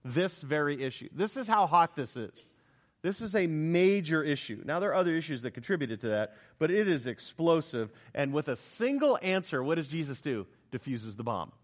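Animated man preaching a sermon. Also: a little high, moderate pace. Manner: animated, emphatic preaching with rhetorical questions. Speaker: pastor.

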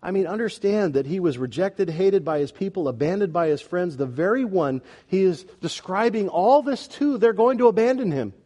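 A male pastor preaching a sermon, swinging between loud, emphatic declarations and quiet, pleading passages. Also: fairly high pitch, animated, moderate pace, few pauses.

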